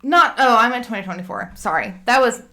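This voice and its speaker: Woman, podcast co-host, casual chat, slightly high voice, laughs a lot. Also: animated, bright, forceful tone. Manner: laughs often, reads notes haltingly.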